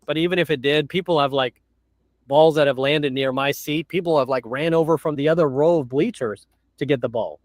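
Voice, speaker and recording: A man's voice: a little fast, no echo, clean studio sound. Blunt man telling stories on a livestream. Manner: blunt storytelling, jumps into high shrill voices to mimic people. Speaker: livestream host. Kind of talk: casual chat.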